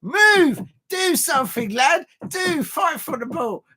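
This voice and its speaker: A rowdy Liverpool football fan with a Scouse accent, put on by a man, yelling chants in a strained, high, stretched-out voice. The voice sits well above a normal speaking pitch, and each word is dragged out long. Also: big pitch swings, slow pace, exaggerated voice. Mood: chanting.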